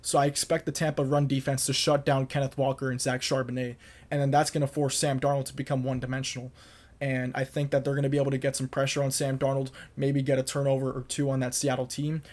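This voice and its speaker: Speaking fast in a flat, monotone middle pitch, a young podcast host runs through his football predictions solo. He's emphatic and firmly convinced, hammering points home by repeating them.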